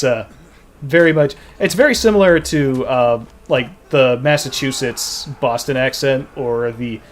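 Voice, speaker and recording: A man from Maine with a faint Maine accent, chatting casually and explaining things at length while playing a game. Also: mid-range voice. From Maine, USA. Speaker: gaming video host. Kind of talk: casual gaming commentary.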